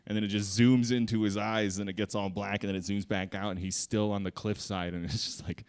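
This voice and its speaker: A man's voice: on the low side, a little fast, clean tone. Profane man doing a stand-up set. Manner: crude, profane, animated delivery with voiced bits. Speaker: stand-up comedian. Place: comedy theater stage.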